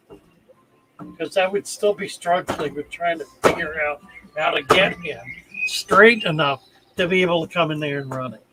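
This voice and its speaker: Slow, bright-voiced older man telling stories. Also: high voice, a little hiss or hum, rough recording. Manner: deliberate, emphatic retelling with heartfelt pauses. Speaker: channel host. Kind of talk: storytelling anecdote.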